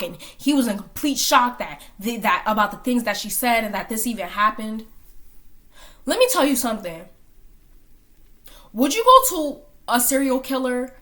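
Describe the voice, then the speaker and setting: A commentary vlogger with a fairly high, slightly bright voice gives a blunt, heated opinion, driving her points home with rhetorical questions and swearing.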